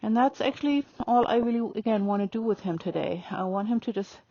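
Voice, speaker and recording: Woman narrating a riding lesson, calm and reflective, fairly high voice, dry dull lo-fi sound. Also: fairly quick, dry recording. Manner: calm, reflective, speaks softly to the horse. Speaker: riding instructor.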